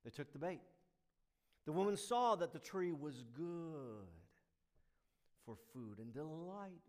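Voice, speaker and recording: A male pastor preaching a sermon, emphatic, swinging between loud stressed lines and hushed asides. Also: fairly high pitch, expressive, slow.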